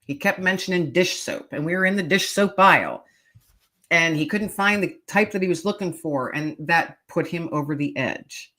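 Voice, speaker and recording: A woman's voice: on the low side, normal speed, pushed and bright. A middle-aged woman, a podcast guest, earnestly telling a heartfelt personal story in conversation and repeating key phrases for emphasis.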